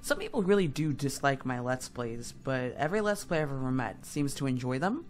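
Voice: mid-range voice, big pitch swings, brisk. A young adult let's-play gamer giving rambling, self-deprecating commentary over gameplay while slightly sick. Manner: rambling, self-deprecating, with fillers and sudden asides.

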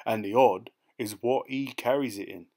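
A man voicing a sly, rat-faced male hitch-hiker with a soft, oily voice. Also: mid-range voice, moderate pace, lightly acted. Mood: innocent.

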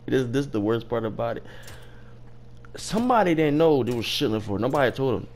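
A man's voice: mid-range voice, animated, brisk, a little mellow. A young man casually telling a work story, rambling and profane, with loose restarts. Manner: rambling, profane, laughing at his own story.

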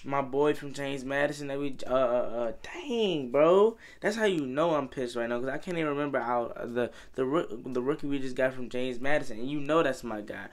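Young man, sports vlogger, casual fan talk, exasperated, rambling, mid-pitched voice. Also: lively intonation, brisk, hardly any pauses.

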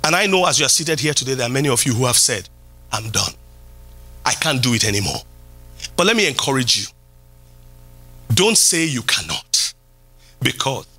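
A middle-aged man, a pastor, preaching a sermon in a church. He repeats key phrases and swings from loud calls down to quiet lines. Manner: preaching with sweeping pitch jumps and repeated phrases. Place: church hall.

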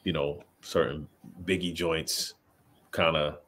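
A man in his thirties co-hosting a casual chat, animated, quoting lines and restarting his sentences. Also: rumbling low, slow. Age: 30s. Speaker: podcast co-host. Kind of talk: casual chat about rap.

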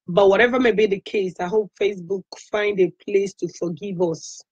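Nigerian female vlogger, breathy voice, dry muffled phone audio, begging tone throughout. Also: medium pitch, fairly even intonation, normal speed, hardly any pauses, darkish tone, no echo. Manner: pleading, repetitive, mixing English with Igbo phrases. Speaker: online activist vlogger. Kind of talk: emotional direct-to-camera appeal.

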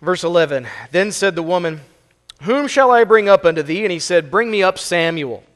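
A male pastor preaches from the pulpit, explaining the scripture verse by verse in a plain, conversational way. His voice sits a little on the high side, and it rings out with a long reverb through the church. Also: lively intonation, normal speed. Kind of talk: sermon. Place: church sanctuary.

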